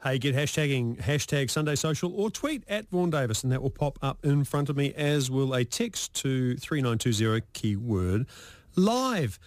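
A man's voice: mid-range voice, expressive, moderate pace, no room sound. A male radio host, chatting in a loose, jokey way and tumbling over repeated words. His voice is close and dry on a studio microphone. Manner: jokey, rambling, stammers on repeats. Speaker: radio talk show host. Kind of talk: casual radio chat.

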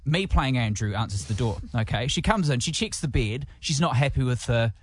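A man's voice: medium pitch, lively intonation, normal speed, dry recording, clean studio sound. A man, a radio producer, telling an awkward story in casual on-air banter, sheepish and laughing as he goes.

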